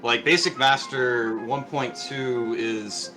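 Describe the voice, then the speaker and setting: A man's voice: mid-range voice, steady tone, slow, over music, poor audio. A middle-aged man chatting casually after a speedrun, rambling with lots of fillers and restarts. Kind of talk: casual post-run chat.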